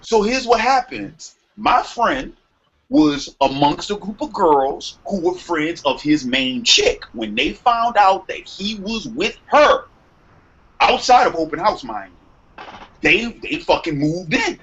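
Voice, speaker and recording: A young man telling a long story in casual podcast chat, profane and animated, acting out quotes. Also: high voice, takes it slowly, husky. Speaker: podcast co-host. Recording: muffled lo-fi sound with faint noise.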